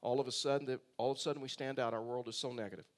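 A man's voice: medium pitch, steady tone, very fast. A male pastor preaching a sermon in a conversational storytelling way, full of rhetorical questions.

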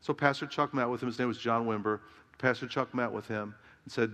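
A man's voice: medium pitch, fairly even intonation, a little fast, a bit bright. Middle-aged guy preaching, lots of "amen?" questions to the crowd, long hall reverb. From Southern California. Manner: emphatic preaching, rhetorical questions to the congregation. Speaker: pastor. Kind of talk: sermon.

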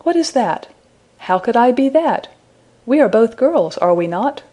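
A woman voicing an innocent, curious young woman who asks gentle, wondering questions, in a storybook reading. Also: on the high side, big pitch swings, unhurried, pitched above the performer's own voice.

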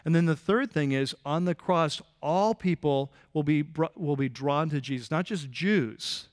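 Male pastor, fairly high voice, casual and lively sermon delivery with quick asides to the congregation. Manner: conversational and animated, with restarts and asides to the congregation.

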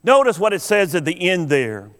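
High-voiced man, preacher, slow deliberate sermon delivery, long hall reverb. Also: big pitch swings, a bit bright. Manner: slow, deliberate storytelling with dramatic pauses. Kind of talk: sermon with an illustrative story.

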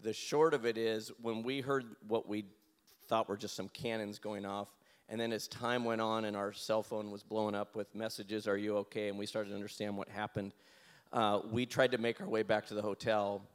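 A man as an interview guest, telling a personal story in an animated way, laughing and acting out his own lines. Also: fairly low pitch, moderate pace, clear, resonant tone.

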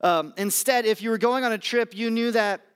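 A man preaching a sermon to his congregation in a conversational, self-deprecating way, with fillers and pauses. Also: high-pitched, clean tone. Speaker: pastor. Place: church campus.

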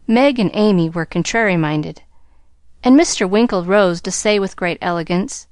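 A woman reading a classic novel aloud as an audiobook narrator, clear and measured. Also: lowish voice, a little mellow, dry recording, studio quality. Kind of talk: storybook narration.

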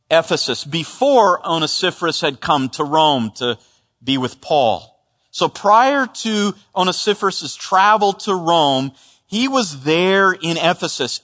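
A man preaching to a congregation in a big church sanctuary, and his bright, forceful voice rings out with a long hall reverb. He speaks in a fairly high register, earnest and emphatic, often doubling back over a word before pressing on. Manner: earnest, emphatic, with frequent restarts and repeated words. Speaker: pastor. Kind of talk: expository sermon.

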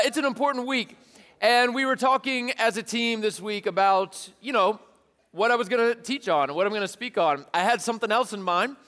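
High-voiced excited youth pastor in a hall. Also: male voice. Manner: enthusiastic, calls to the crowd, repeat-after-me. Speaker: student ministry pastor. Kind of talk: energetic youth sermon. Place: church hall with a youth crowd.

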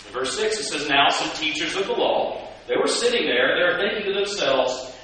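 Animated male preacher in an echoey church. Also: high voice, moderate pace. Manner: animated, asks the congregation questions. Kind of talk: sermon. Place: church sanctuary. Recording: echoey church from a distance with hiss.

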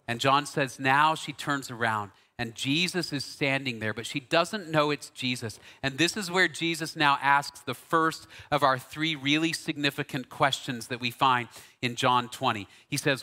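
A man preaching a sermon as pastor, telling the story in an earnest and animated way. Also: fairly high pitch, moderate pace, in a large hall. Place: church auditorium.

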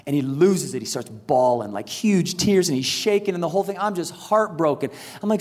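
A man in his thirties preaching a sermon, telling a story with lively animation and acting out the quotes. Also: on the high side, quick pace. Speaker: pastor. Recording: large hall with long reverb.

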